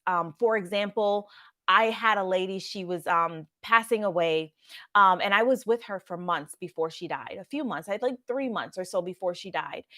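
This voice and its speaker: A young adult woman, a nurse, telling stories to camera in a soft, earnest way with frequent restarts. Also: medium pitch. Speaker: nurse and vlogger. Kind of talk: casual storytelling to camera.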